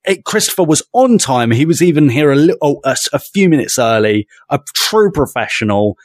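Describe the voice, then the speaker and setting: A man co-hosting a podcast, chatting playfully and effusively, quick to laugh. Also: on the high side, big pitch swings, dry recording, studio quality. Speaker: podcast co-host. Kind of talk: casual podcast chat.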